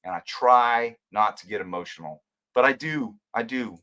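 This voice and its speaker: A man's voice: medium pitch, normal speed. An older man, a former detective, hosts a livestream and rambles emotionally while answering viewer comments. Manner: emotional, ranting, rambling, swings between loud and quiet.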